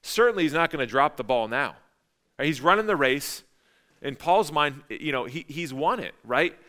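Male pastor, middle-aged, bright crisp voice, chatty emphatic sermon delivery. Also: a little high, expressive, normal speed. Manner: conversational, emphatic, repeats phrases.

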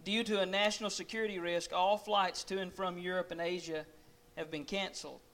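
A man's voice: high voice, steady tone, fairly quick, fairly bright tone. A man doing a formal head of state. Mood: solemn. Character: male national leader making a formal emergency address.

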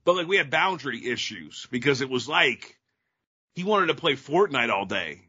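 Middle-aged male podcast co-host, bright and husky, rambling casual chat, dull lo-fi audio. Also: medium pitch, big pitch swings, moderate pace. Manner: rambling, with many fillers.

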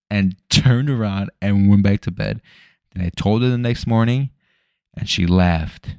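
A man's voice: on the low side, a little slow, creaky, darkish tone, no echo, clean studio sound. A young man rambling casually on his solo podcast at home, loose and full of swearing. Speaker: podcast host. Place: home room at night.

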